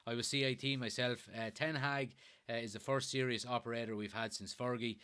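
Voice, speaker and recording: Bright-voiced Irish man chatting live. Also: mid-range voice, steady tone, moderate pace, clear, resonant tone. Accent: Irish, from Kilkenny. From Ireland. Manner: chatty, swears casually, laughs easily. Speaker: host of a fan live stream. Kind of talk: casual live-stream chat reading viewer comments.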